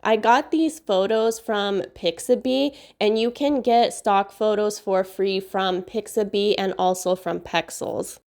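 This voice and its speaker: A woman hosting a software tutorial, upbeat and enthusiastic, her voice nasal from a recent cold. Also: mid-range voice, measured pace, hardly any pauses. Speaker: video tutorial host. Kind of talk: screen-recorded software tutorial.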